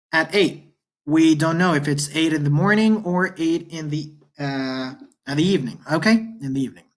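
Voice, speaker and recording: A man teaching a beginner Spanish lesson from slides, patiently repeating each example with many pauses. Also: a little high, fairly bright tone. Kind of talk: online language lesson explaining slides.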